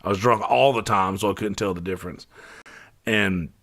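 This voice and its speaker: A podcast host tells a personal story in a casual monologue. His voice sits a little low, and his telling is loose and profane, with frequent false starts and repeated words. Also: moderate pace, a bit bright. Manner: profane, rambling, with many restarts and fillers.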